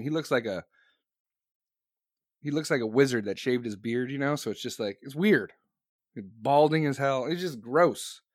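A man streaming live, chatting casually and profanely to his audience, excitable and laughing between remarks. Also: on the high side, no room sound, clean studio sound.

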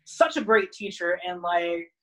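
A man's voice: high-pitched, measured pace, rough recording. Rambling young man chatting loosely. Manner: rambling, heavy use of "like", animated retelling. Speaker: guest wrestler. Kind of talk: casual podcast chat.

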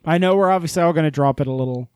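A man co-hosting a casual podcast chat, excitable and profane, rambling through his points. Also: on the high side, rapid-fire, clear, resonant tone, no room sound, clean studio sound. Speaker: podcast co-host.

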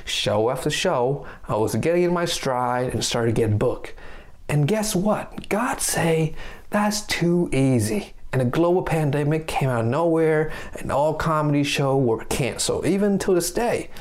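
A man's voice: fairly high pitch, expressive, moderate pace. A man delivering a short comic story with punchlines. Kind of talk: stand-up storytelling.

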